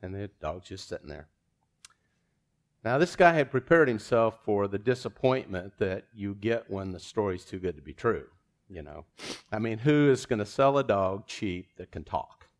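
A man's voice: fairly low pitch, expressive, moderate pace. Chuckling, self-deprecating male preacher. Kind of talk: sermon.

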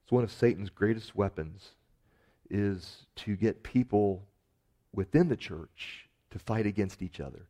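A man preaching a sermon in an earnest manner, building to emphatic rises and sinking to soft, quiet endings. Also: on the low side, expressive, measured pace. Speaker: pastor.

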